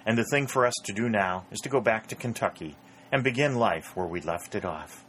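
A man's voice: on the low side, expressive, brisk, a bit bright, slight background noise. A man reading the lines of an earnest young soldier in a storybook, plain and forthright.

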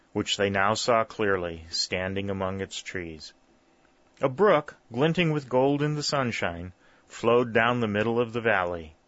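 A man narrating a story in a steady, measured reading. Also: on the low side, no room sound. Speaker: audiobook narrator. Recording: dull, lo-fi dry recording.

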